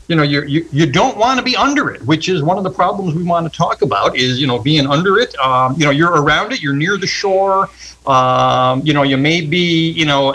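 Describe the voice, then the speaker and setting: A man's voice: fairly high pitch, fairly bright tone, slightly rough, rough recording. A man, a recreation specialist speaking as a radio guest from home, friendly and explanatory with many you-knows. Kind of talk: casual radio interview.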